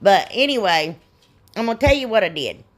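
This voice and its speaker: A woman's voice: mid-range voice, expressive, a little fast. A middle-aged woman, rambling and self-deprecating as she explains a craft in a casual tutorial. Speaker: DIY crafts channel host.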